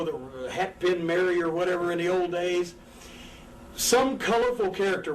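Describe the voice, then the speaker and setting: Seated indoors on a couch, an older man who used to wrestle professionally gives a candid interview as a guest, narrating stories with free cursing and acted-out crowd and wrestler voices. His voice is high and animated, recorded from a distant mic with faint room noise.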